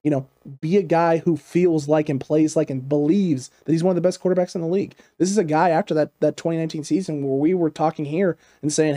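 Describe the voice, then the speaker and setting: Animated man hosting a football show. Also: a little high, fast. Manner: animated, repetitive emphatic phrasing. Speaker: sports show host. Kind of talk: casual football analysis chat.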